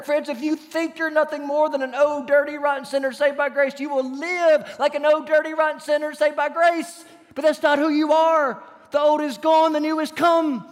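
A man preaching a sermon, moving between hushed whispers and bright, emphatic declarations. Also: extremely high pitch. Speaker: pastor. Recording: long reverb of a large hall.

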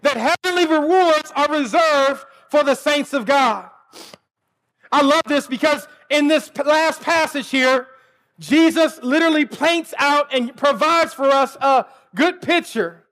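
A man preaching with an unusually high voice. He builds his points into near shouts and often doubles back over his words as he goes. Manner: repeats words when he restarts. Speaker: pastor. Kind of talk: sermon.

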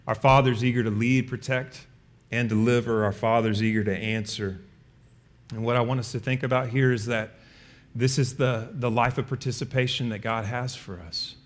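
Earnest man preaching a sermon. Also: mid-range voice. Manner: earnest, acts out brief comic voices. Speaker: pastor.

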